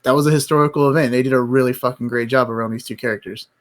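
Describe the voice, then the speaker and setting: Talking rapid-fire at a medium pitch with fairly even intonation, this man hosts a live stream. He chats casually about movies, rambling, blunt, and swearing often.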